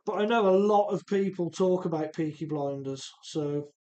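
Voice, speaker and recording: A man's voice: fairly high pitch, moderate pace, warm tone, muffled recording. Casual streamer host, male, Midlands-Welsh blend of accent, easygoing chat read straight off the comments. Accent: mix of English Midlands and Welsh. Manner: chatty, reads viewer comments aloud while rebuilding an RC car. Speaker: livestream host.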